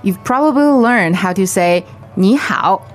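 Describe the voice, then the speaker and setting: A woman modelling phrases slowly and clearly as a co-teacher in a podcast lesson. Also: mid-range voice, animated, soft background music. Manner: slow, clearly enunciated. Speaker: language teacher. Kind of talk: slow model pronunciation.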